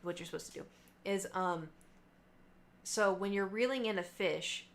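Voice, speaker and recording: A woman's voice: medium pitch, normal speed. A young adult woman livestreamer in casual chat with her viewers, telling a rambling story full of fillers and asides.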